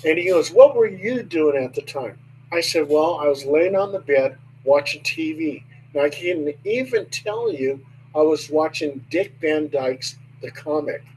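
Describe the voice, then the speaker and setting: An older man, a guest, slowly recounting a personal story in a hesitant way with many pauses. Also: fairly high pitch, animated, a little mellow, slight background noise, rough recording. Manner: slow, hesitant with many ums. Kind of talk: storytelling in casual conversation.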